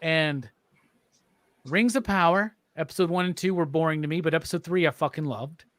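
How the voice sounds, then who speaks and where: Man host, casual profane chat, slightly high voice, dry close sound. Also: moderate pace, fairly bright tone, dry recording. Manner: loose, profane, steers the talk. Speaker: podcast host.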